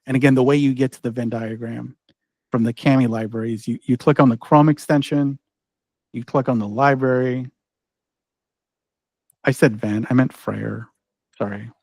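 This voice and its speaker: A man's voice: medium pitch, fairly even intonation, moderate pace, vocal fry, long pauses, darkish tone, no room sound. A man presenting a live online workshop, talking casually with lots of "like" and "right?" and frequent restarts as he walks through a demo. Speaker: ed-tech trainer presenting a workshop.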